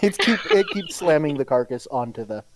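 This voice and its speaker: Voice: medium pitch, big pitch swings, fairly quick, a crowd in the background. A game master narrating a tabletop game in a casual manner, laughing and using fillers.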